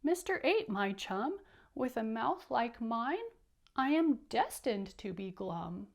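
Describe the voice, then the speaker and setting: A woman's voice: a little high, sing-song, takes it slowly, exaggerated voice. A woman voicing a glum, pouting male fish in a picture book read-aloud, reciting his lines in a rhyming sing-song.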